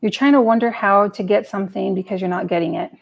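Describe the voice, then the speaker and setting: A woman's voice: medium pitch, quick pace, vocal fry, muffled recording. Chatty woman reading tarot live. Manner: chatty, swears freely, mutters to herself. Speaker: tarot reader. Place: home table with a cat nearby.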